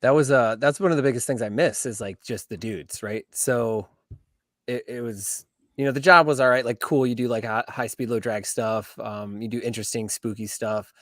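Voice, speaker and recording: A man's voice: mid-range voice, fairly even intonation, moderate pace, a bit bright, no room sound, studio quality. A man in his thirties, a veteran guest on a podcast, talking in an easygoing way with lots of "like" and "um". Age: 30s. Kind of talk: casual chat.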